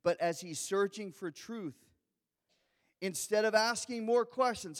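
A man preaching with a fairly high voice that rings out through a big hall with a long echo. He tells the story dramatically and acts out the lines of its characters. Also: steady tone, measured pace. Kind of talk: sermon. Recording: long reverb of a large hall.

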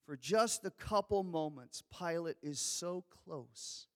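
A man preaching with a fairly high voice that rings out through a big hall with a long echo. He tells the story dramatically and acts out the lines of its characters. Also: slow pace. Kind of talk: sermon. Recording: long reverb of a large hall.

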